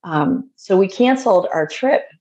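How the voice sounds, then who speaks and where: A woman's voice: medium pitch, animated, a little slow, dark tone. A middle-aged woman, a podcast guest, telling her personal faith story in an earnest, heartfelt way, often restarting sentences. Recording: dull lo-fi audio.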